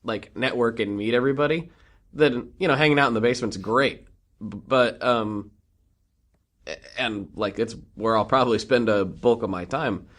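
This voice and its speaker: A man co-hosting a podcast, chatty and joking as he talks, quick to laugh. His voice sits at an average pitch for a man. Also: fairly bright tone. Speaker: podcast co-host. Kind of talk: casual chat.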